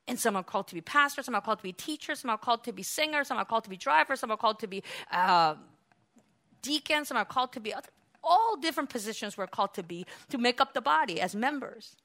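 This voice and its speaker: A woman pastor preaching a sermon, building to loud, emphatic peaks and acting out her congregation's complaints. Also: on the high side, expressive, quick pace. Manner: acts out churchgoers' complaints in quoted voices.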